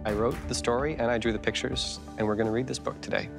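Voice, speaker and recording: A middle-aged man reading his children's book aloud to kids, chatty and gentle, stopping to ask them questions. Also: medium pitch, steady tone, fast talker, vocal fry, over music.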